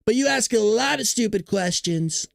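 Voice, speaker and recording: Man putting on a brash older politician voice, raised higher and lively, pure put-downs. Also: normal speed, gravelly, no echo, studio quality, full character voice. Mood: insulting. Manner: blunt, dismissive. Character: brash blunt older male politician, insulting.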